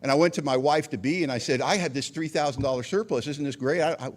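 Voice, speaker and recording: A man's voice: fairly high pitch, quick pace. A middle-aged American man telling his recovery story at a meeting, earnest and self-deprecating, with acted quotes. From United States.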